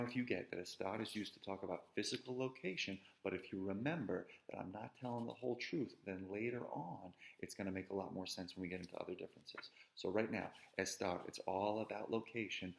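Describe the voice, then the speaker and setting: A man's voice: low voice, vocal fry, rough recording. A man teaching an introductory Spanish lesson in a playful, chatty way, often checking in with "right?". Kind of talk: casual classroom lecture.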